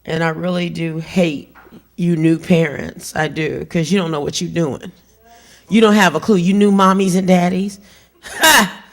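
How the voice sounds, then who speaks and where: Gravelly, brash woman comic. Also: on the low side, steady tone, unhurried. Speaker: stand-up comedian. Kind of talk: stand-up comedy set.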